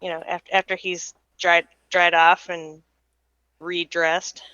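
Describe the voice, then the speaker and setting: A woman's voice: fairly low pitch, little pitch movement, takes it slowly, sharp tone, clean tone, dry recording, lo-fi sound. Dry, wry woman player. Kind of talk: describing her character's actions.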